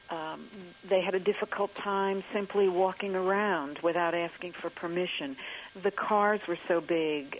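Woman author on a radio interview, kinda low voice, tells it like a story with lots of ums, faint hiss behind. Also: poor audio. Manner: storytelling, thoughtful with frequent um and uh.

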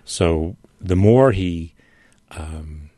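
A man as a radio guest, talking through a novel in a measured way while searching for words. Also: sits low, dark tone, dry recording, clean studio sound. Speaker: studio guest. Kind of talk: literary discussion on radio.

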